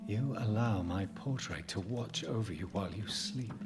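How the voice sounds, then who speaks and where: An actor playing a brooding male vampire doctor in a video game, speaking in a low, measured, solemn way. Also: close to an everyday voice. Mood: tender. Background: loud game music.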